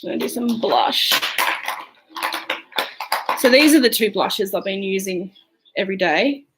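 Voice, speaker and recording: An Australian woman talks her way through her makeup routine in a loose, chatty ramble. She fills gaps with "um" and "like" and drifts from topic to topic at home. Her voice sits at an ordinary middle pitch for a woman. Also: animated, a little slow, heavy background noise. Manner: chatty and rambling, lots of fillers. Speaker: beauty vlogger. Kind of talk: casual makeup chat.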